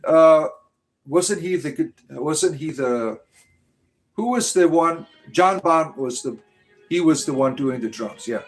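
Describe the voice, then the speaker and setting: A man's voice: a little high, lively intonation, slow, soft background music. Rambling American man hosting a livestream. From United States. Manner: rambling, tags lines with "right?". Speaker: livestream host reading chat. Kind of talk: casual livestream chat.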